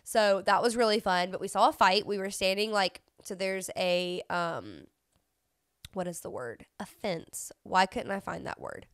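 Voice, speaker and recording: In clean studio sound without echo, a young woman with a fairly bright, medium-pitched voice hosts a casual podcast chat at an unhurried pace. She sniffles from a runny nose while telling stories full of "like".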